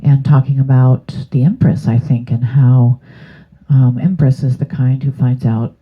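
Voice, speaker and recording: A woman's voice: extremely low pitch, fairly even intonation, a little slow, husky. A woman giving a casual tarot reading to her channel, rambling and hesitant with many fillers. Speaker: tarot reader. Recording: tinny phone-like sound.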